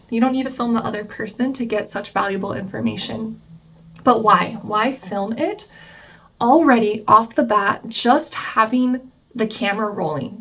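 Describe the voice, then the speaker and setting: Chatty woman therapist, somewhat high voice. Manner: chatty, explains, acts out quoted self-talk. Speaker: family therapist. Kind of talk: advice vlog to camera.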